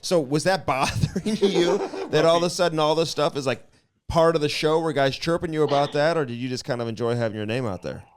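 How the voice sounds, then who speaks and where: Higher-pitched man asking eager questions. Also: brisk, a little hiss or hum. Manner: eager questioner, laughs along. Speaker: podcast host. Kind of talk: casual interview chat.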